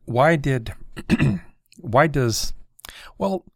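A male radio host asking a question in a hesitant, halting way. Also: mid-range voice, animated, a little mellow, dry recording, clean studio sound.

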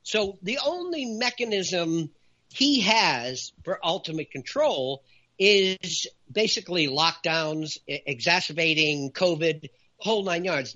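A man talking in an animated opinion chat, raising his voice for emphasis. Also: high voice, muffled recording. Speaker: talk show guest.

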